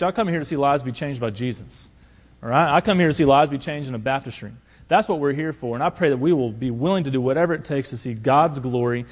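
A male pastor preaching a sermon, swinging between loud emphatic appeals and quiet asides. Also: medium pitch.

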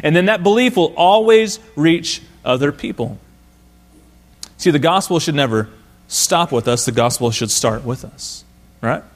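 A man's voice: on the high side, lively intonation, unhurried. A man preaching a sermon as pastor, emphatic and full of rhetorical questions to the congregation.

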